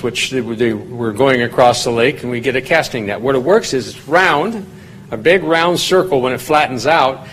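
A man's voice: mid-range voice, slight background noise, poor audio. A man giving a conversational Bible study, explaining scripture in plain talk and lifting his voice when he reads quoted lines aloud. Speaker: Bible teacher.

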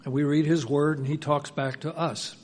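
A man preaching a sermon in an earnest manner, swinging between hushed, soft passages and emphatic, raised lines. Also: on the high side, little pitch movement, normal speed, a little hiss or hum.

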